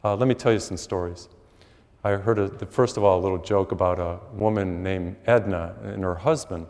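A man's voice: low-pitched, normal speed, darkish tone, big-room sound. A man preaching a conversational, storytelling sermon as priest in a church.

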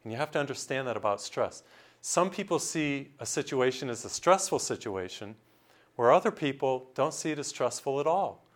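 Priest giving a sermon. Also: male voice, mid-range voice, expressive, moderate pace. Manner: storytelling with voiced characters and jokes.

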